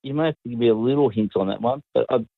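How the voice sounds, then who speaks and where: An Australian man calling in to a radio quiz, friendly and quick, asking for a hint. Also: mid-range voice, vocal fry, dry recording. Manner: friendly, quick, asks for hints. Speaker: caller. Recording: tinny phone line.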